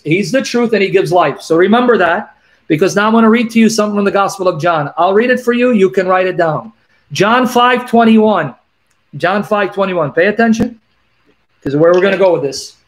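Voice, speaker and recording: Male call-in host, fairly high voice, insistent, drills each verse slowly. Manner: emphatic, repeats references, reads verses slowly. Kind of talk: call-in debate on scripture.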